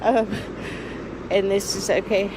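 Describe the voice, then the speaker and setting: A woman in her sixties talking slowly in a rambling, emotional vlog, often close to tears and laughing softly. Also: medium pitch, level tone, background noise. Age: 60s. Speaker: vlogger. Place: outdoors by the water.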